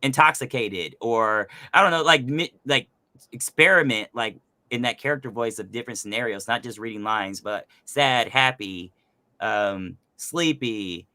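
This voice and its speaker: A man's voice: medium pitch, unhurried, no room sound. A man hosting a casual chat about voice acting, youthful and resonant in tone, talking loosely with plenty of fillers. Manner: energetic, loose, lots of fillers. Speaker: host and voice actor.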